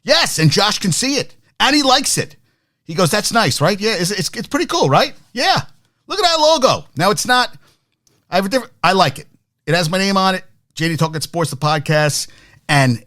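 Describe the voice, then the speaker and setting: A man hosting a casual sports talk podcast, rambling and animated, with many restarts and asides while reacting to his chat. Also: a little high, no echo, studio quality.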